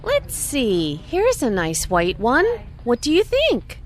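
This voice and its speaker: A woman's voice: fairly high pitch, wildly swooping pitch, slow pace, full character voice. A woman playing a helpful clothing shop assistant in a scripted learning dialogue, speaking politely.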